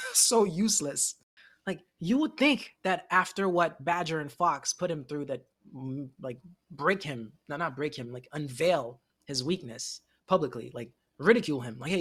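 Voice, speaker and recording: A man's voice: mid-range voice, fairly bright tone. A man co-hosting a casual anime discussion podcast, talking animatedly, laughing often and acting out the characters' lines. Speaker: podcast co-host.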